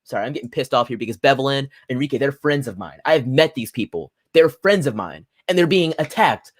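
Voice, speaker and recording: A young man hosting a solo political livestream, swinging from loud angry rants to low muttered asides as he reads articles aloud. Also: lively intonation, fast, no room sound, studio quality. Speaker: livestream host. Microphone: phone or computer mic at a desk.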